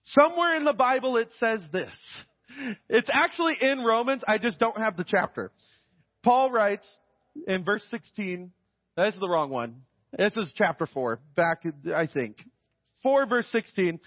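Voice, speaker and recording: A man's voice: high voice, animated, normal speed, no echo, highs cut off. A man preaching a sermon in a conversational way, often checking in with his listeners. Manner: conversational, often adds "right?".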